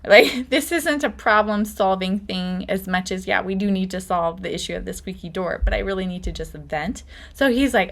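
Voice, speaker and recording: Middle-aged woman hosting her podcast, chatty storyteller, laughs a lot, average pitch. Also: normal speed, a bit bright. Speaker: podcast host. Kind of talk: casual podcast monologue.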